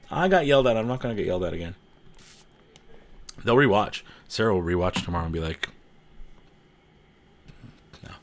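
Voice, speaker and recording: A man hosting a casual livestream, chatting with viewers and reading their comments, joking, laughing often and repeating himself. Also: sits low. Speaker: livestream host.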